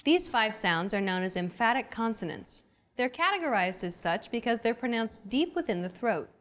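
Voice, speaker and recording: A woman presents a language lesson in a scripted, explanatory way. Her pitch sits a touch high and moves a lot, bouncing up and down as she teaches. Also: big pitch swings, normal speed, a bit bright. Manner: clear, explanatory teaching delivery.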